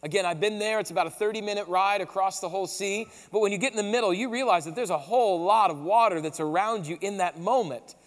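This pastor talks fast with hardly any pauses, his notably high voice retelling the story in a casual, spirited, slang-heavy way. The large hall around him leaves a long reverb tail.

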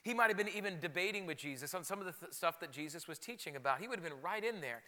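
A man preaching a sermon as pastor, animated and conversational, often repeating words for emphasis. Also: high-pitched, fast, big-room sound.

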